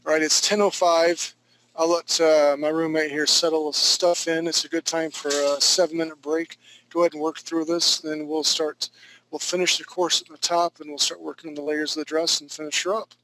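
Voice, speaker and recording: A man's voice: on the high side, little pitch movement, moderate pace, fairly bright tone, a little hiss or hum, low-quality recording. A man teaching a live online drawing class from home, talking loosely and jokingly as he thinks aloud while he draws. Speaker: drawing instructor. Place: home studio.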